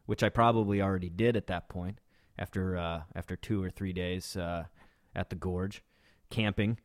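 A man's voice: lowish voice, moderate pace, dry recording. Male podcast host, casual storyteller, rambling with fillers, dry close sound. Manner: rambling, full of fillers and restarts.

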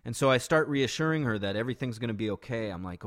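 A man with a medium-pitched voice talks fast and animatedly as he recounts a shocking street incident he experienced. He tells it casually and conversationally, often restarting and tossing in "right?" asides.

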